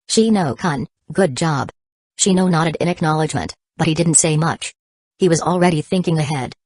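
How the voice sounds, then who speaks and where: A woman narrating a novel as an audiobook in an even, steady reading manner. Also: sits low, no echo.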